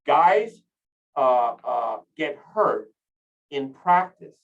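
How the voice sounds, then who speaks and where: A man coaching real estate agents in a casual, energetic training talk, rambling with many restarts while standing up. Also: fairly high pitch, extremely slow, far from the mic, lo-fi sound.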